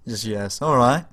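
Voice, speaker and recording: A young man talks through a strategy game on a livestream, giggling and rambling as he chats with viewers. His voice is bright and lively, swinging widely in pitch. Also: breathy edge. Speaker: streamer playing a strategy game. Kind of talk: casual livestream commentary.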